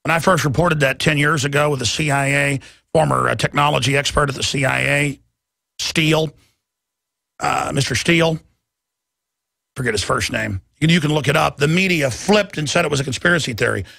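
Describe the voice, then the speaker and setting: A radio host in his thirties rants passionately through a talk radio monologue, mimicking others in quoted voices. His gravelly voice sits a little high with a sharp, forceful edge, and the studio recording is dry and close.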